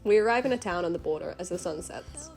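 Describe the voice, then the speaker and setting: Gravelly woman narrating softly. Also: fairly low pitch, quick pace, music in the background. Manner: gentle, earnest diary-like narration. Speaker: travel vlogger narrator. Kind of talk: scripted voice-over narration.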